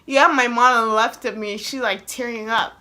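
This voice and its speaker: Bright-voiced young woman telling a story. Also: a little high, steady tone, brisk. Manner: chatty, heavy use of "like", acts out quoted voices. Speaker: vlogger. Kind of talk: casual storytime vlog.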